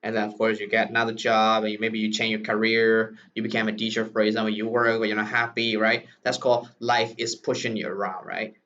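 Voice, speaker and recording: A man's voice: fairly low pitch, little pitch movement, a little fast, hardly any pauses, pushed and bright. A man with a Burmese accent, native Burmese speaker, teaching a lesson in English, explaining step by step and tagging sentences with "right?". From Myanmar. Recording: distant, dull lo-fi recording.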